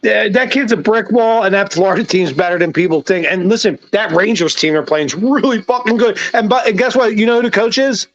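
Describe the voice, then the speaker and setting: A man's voice: high-pitched, a little fast, hardly any pauses, no room sound. A man co-hosting a sports talk show, swearing and ranting emphatically about his teams. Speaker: podcast co-host. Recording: dull dry lo-fi sound.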